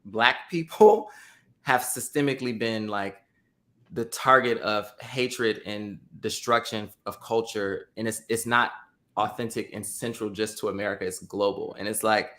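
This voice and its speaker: A man's voice: on the low side, steady tone, moderate pace, sharp tone. A man co-hosting a podcast, talking about a film in an earnest, thoughtful way. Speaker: podcast co-host. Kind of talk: casual film discussion.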